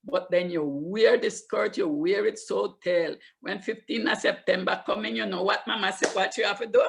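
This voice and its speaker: An older woman storyteller from Limón, Costa Rica, with a Limón Creole English accent, telling childhood memories in an animated way and repeating words for emphasis. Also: mid-range voice, moderate pace, creaky.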